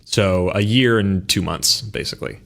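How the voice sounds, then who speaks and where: A man's voice: deep voice, moderate pace, vocal fry, a bit bright. A man from Southern California, a musician guest on a podcast, rambling in casual chat and poking fun at himself. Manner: rambling and self-deprecating, with frequent fillers and laughs.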